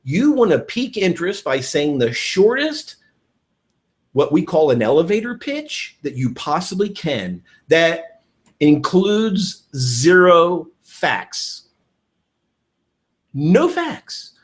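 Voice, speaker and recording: A man giving an energetic training talk on network marketing, enthusiastic and repeating his key points. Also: a little high, slow pace.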